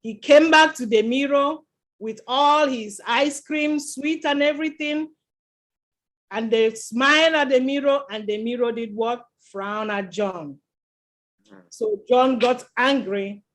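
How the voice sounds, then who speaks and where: A woman tells a story to children at chapel. She keeps the telling lively and stops again and again to ask the children what comes next. The feel is warm and friendly, like a storyteller talking with her young listeners. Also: sits high, slow pace. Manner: lively, quizzes the children with questions.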